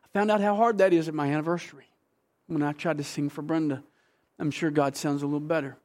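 A man preaching a sermon, emphatic and animated, swinging between hushed tenderness and excited outbursts. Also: a little high, fast talker. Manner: animated, emphatic preaching with sudden shifts between soft and loud. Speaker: pastor.

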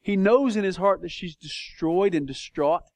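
Pastor, male, high voice, dry close sound, impassioned, emphatic sermon delivery. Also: moderate pace, no room sound. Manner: passionate, emphatic preaching with big swings in intensity.

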